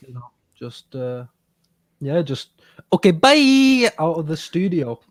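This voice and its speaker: A man's voice: medium pitch, measured pace, mellow. A man co-hosting a casual advice podcast in a studio, talking hesitantly with many fillers and frequent laughs. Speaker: podcast co-host.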